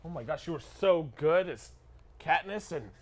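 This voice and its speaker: A man's voice: a little high, animated, normal speed, a little mellow. A man performing in a live improv scene, frantic and paranoid, blurting exclamations. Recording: live show with audience laughter.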